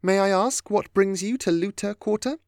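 A man's voice: high voice, normal speed, a little mellow, no echo, clean studio sound, pitched above the performer's own voice. A man voicing a refined, courteous woman governess in a storybook reading. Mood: polite. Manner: genteel, courteous.

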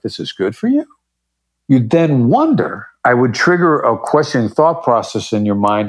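A man with a fairly low voice speaks in a relaxed, conversational interview. He explains his points with confident emphasis, now and then acting out the phrasing he recommends. He comes across as an expert guest. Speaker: podcast guest, negotiation expert.

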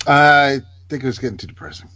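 A man's voice: mid-range voice, animated, fast talker, sharp tone, muffled recording. A man co-hosting a podcast in casual chat, hesitant and stammering as he talks. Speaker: podcast co-host.

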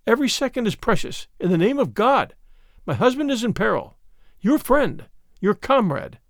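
A man's voice: high-pitched, sing-song, normal speed, no echo, studio quality, voice pushed up. A man voicing a desperate noble lady who pleads earnestly for help. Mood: pleading. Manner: pleading, urgent.

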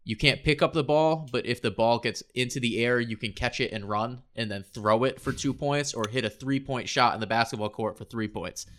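A man's voice: medium pitch, a little fast, hardly any pauses, fairly bright tone. A young man co-hosting a casual podcast, chiming in with laughing, emphatic asides and explaining a gym game. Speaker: podcast co-host. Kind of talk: casual chat.

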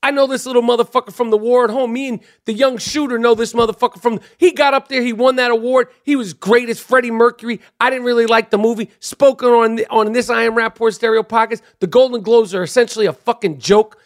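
Podcast host, middle-aged man, high voice, brash and foul-mouthed rant. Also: steady tone, fast talker, hardly any pauses. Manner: brash, profane, heated ranting.

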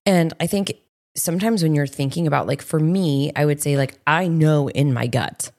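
A woman's voice: sits low, moderate pace, darkish tone. A woman co-hosting a podcast, telling rambling stories in a casual chat. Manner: storytelling, rambling with fillers. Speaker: podcast co-host.

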